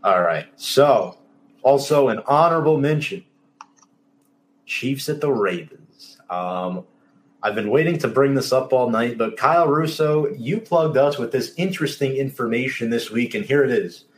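A man's voice: medium pitch, lively intonation, moderate pace, a little hiss or hum. A man hosting a casual sports talk show, emphatic, exasperated and openly sarcastic. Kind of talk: casual sports podcast chat.

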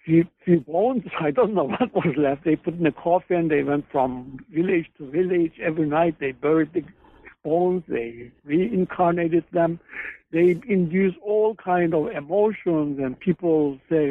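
Heard over a phone line, a man with a slightly high voice speaks a bit slowly. He's a psychoanalyst and author being interviewed as a guest, wandering through case stories with frequent hesitations and self-corrections.

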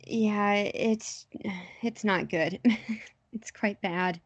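A woman's voice: medium pitch, drawn-out words, no room sound. A young woman talking politics casually in a hesitant, wry way, with many fillers.

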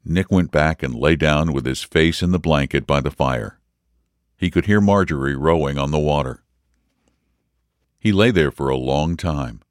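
A man reading a story aloud in a measured, expressive narration. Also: very deep voice, no room sound, studio quality. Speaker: audiobook reader. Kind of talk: scripted narration.

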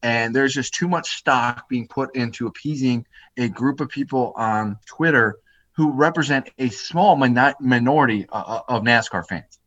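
A man in casual podcast chat, blunt and dismissive, talking in quick bursts. His voice is bright and forceful. The recording sounds dull and lo-fi. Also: medium pitch. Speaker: podcast co-host.

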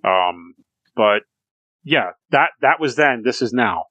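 A man's voice: mid-range voice, expressive, slow, pushed and bright, no echo, poor audio. A man co-hosting a podcast, chatting casually about pro wrestling, rambling with restarts and swearing freely. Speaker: podcast co-host.

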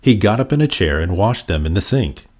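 Male storyteller, low voice that swings widely, sing-song picture book reading. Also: big pitch swings, fairly quick, darkish tone. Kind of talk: children's picture book read-aloud.

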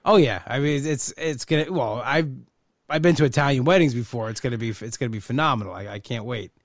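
A man's voice: mid-range voice, fast talker, no room sound, clean studio sound. A man hosting a podcast, chatting casually in a rambling way with lots of restarts. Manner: rambling, repeats words, laughs often. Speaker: podcast host. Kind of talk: casual chat.

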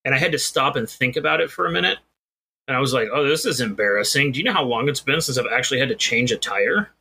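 A man's voice: medium pitch, lively intonation, quick pace, vocal fry, pushed and bright, breathy edge. A man co-hosting a podcast, telling a rambling, self-deprecating story in casual chat. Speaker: podcast co-host.

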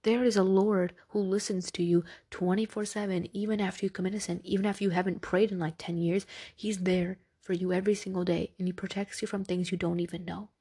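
A woman hosts her podcast in a casual, earnest voice, reassuring her listeners and checking in with them as she goes. Her tone is husky and breathy, with a gravelly fry at the edges. She sits at a middling pitch for a woman. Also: little pitch movement, fairly quick, hardly any pauses, mellow. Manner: earnest, reassuring, conversational, often adds "right?". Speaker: podcast host. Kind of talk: casual religious podcast talk.

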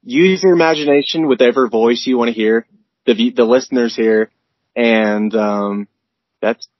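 A man's voice: medium pitch, moderate pace, no room sound, muffled recording. A man co-hosting a casual podcast, reading out a story in a laid-back way and swearing freely. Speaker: podcast co-host.

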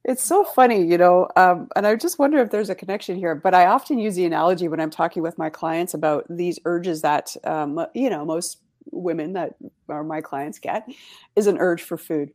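A woman coach in casual conversation who explains ideas through analogies, pausing often with ums. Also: on the low side, a little mellow. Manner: thoughtful, uses analogies, many fillers. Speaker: coach with clients.

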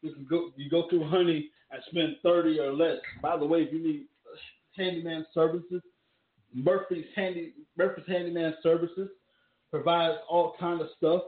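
A man's voice: fairly high pitch, fairly even intonation, normal speed. Emphatic man, tinny sound. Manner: loose, emphatic, repetitive rhetorical questions. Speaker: wrestling talk host. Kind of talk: casual commentary with ad reads. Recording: tinny phone-like audio.

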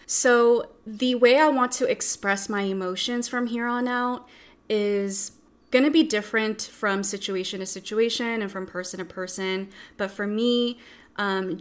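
A young adult woman speaks as a self-empowerment coach, walking through a workbook in a relaxed, personal way. She is reflective and open, with a wry streak of dark humor. Her voice sits at an ordinary middle pitch for a woman. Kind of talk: casual workbook walk-through.

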